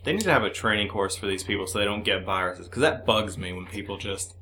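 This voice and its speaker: A man's voice: on the low side, quick pace. A man in casual, crude banter, telling stories animatedly and acting out the dialogue. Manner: animated storyteller, acts out dialogue. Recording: echoey room with faint background hum.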